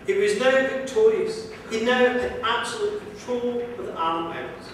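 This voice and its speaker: A man spins an old folk tale with a lilting, rhythmic telling. His voice sits high for a man and rings out in a museum hall with a long echo, picked up from far back. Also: moderate pace, slight background noise. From Ireland. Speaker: storyteller. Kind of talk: live folk storytelling.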